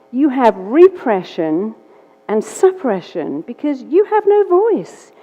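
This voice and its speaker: Woman, hypnotherapist, lively storytelling, voices both sides, dull audio, long hall reverb. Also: a little high. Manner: animated, acts out both sides of a dialogue. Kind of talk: storytelling talk.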